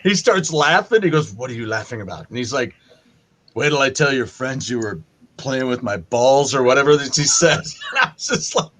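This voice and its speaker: A man's voice: medium pitch, normal speed. A man co-hosting a casual chat show, telling stories animatedly and acting out quotes in other voices. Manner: animated storytelling, acts out quotes. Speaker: podcast co-host.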